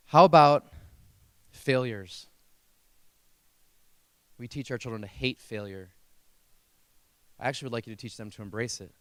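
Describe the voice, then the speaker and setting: A man's voice: mid-range voice, dry recording. A man who teaches speech, giving a motivational keynote to parents and telling stories in an earnest, emotional and emphatic way.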